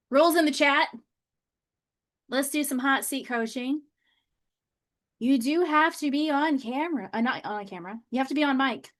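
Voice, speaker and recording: Chatty, bubbly woman with a higher voice. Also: a bit bright. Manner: chatty, bubbly, with frequent "like" fillers. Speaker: manifestation coach. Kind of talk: casual live-stream chat. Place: home office at a desk.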